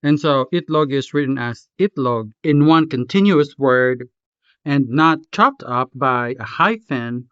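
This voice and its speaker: Male tutor, deliberate pace, repeats each word, dry muffled voice-over. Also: mid-range voice, expressive, fairly bright tone, clean tone, dry recording. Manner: slow, careful, repeats words for pronunciation. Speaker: language tutor. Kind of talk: scripted lesson narration.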